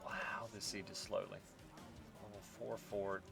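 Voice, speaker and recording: A man's voice: on the low side, level tone, takes it slowly, gravelly. A man giving casual commentary while playing a strategy game, muttering to himself wryly with sudden exasperated outbursts. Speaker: strategy game let's-player. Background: game music.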